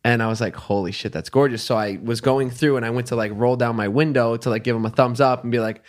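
A man's voice: mid-range voice, steady tone, fast. A young man and podcast host in casual chat, telling a story in a rambling way with many fillers.

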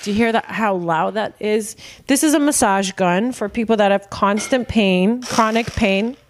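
A woman's voice: mid-range voice, moderate pace, background noise. Young female podcast host, blunt and giggly, reading Q and A in casual chat. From Arab family. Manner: blunt, laughing, reads fan questions aloud.

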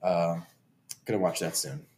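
A young man in casual podcast chat, swearing freely and retelling movie scenes with animated quoted voices. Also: low voice, measured pace, a little hiss or hum. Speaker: podcast co-host.

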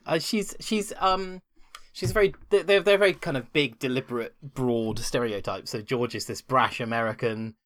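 A man's voice: fairly low pitch, a bit bright, no room sound, clean studio sound. A man co-hosting a casual podcast, enthusiastic and rambling, often restarting his sentences. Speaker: podcast co-host.

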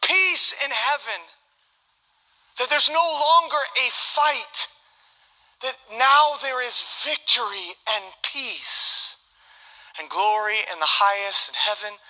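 A man's voice: very high-pitched, lively intonation, slow pace, sharp tone. A man preaching a sermon as pastor, reading scripture with joking asides. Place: church sanctuary. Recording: long reverb of a large hall.

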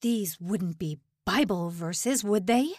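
A woman's voice: medium pitch, animated, takes it slowly, a little mellow, dry recording, clean studio sound. A sneering camp officer, as a woman reader puts him on. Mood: mocking. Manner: snarling, mocking, contemptuous. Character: cruel, sneering male prison camp officer. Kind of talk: audiobook narration.

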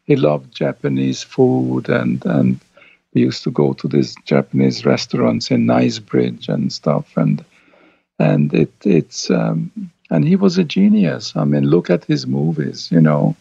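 An older man, a film director, reminiscing as an interview guest, halting, with many restarts. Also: medium pitch, huge pitch swings, gravelly, warm tone, slightly rough, dry recording. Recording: dull lo-fi sound.

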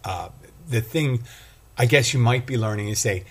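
A man's voice: mid-range voice, normal speed, slightly rough. A man hosting a casual solo podcast, rambling and self-deprecating as he talks. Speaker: podcast host and bartender.

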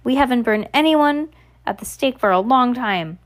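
A woman voicing a bloodthirsty male townsman who shouts and gloats. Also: a little high, lively intonation, normal speed, lightly acted. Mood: gloating.

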